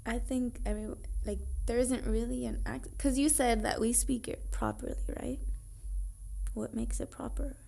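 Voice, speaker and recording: A chatty woman with a raised pitch and a gravelly, fry-laden edge. She talks in loose, casual chat and keeps asking questions. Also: steady tone, normal speed, warm tone.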